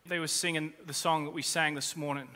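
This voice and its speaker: A man's voice: on the high side, little pitch movement, a little fast, sharp tone. A man, a pastor, preaching a sermon in earnest, repeating key phrases for weight. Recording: long reverb of a large hall.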